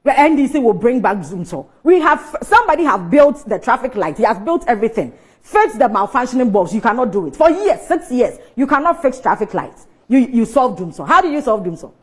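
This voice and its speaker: A woman's voice: a little high, very animated, a little fast. A woman with a Ghanaian English accent, a guest on a TV studio talk show, giving heated political commentary full of mocking rhetorical questions.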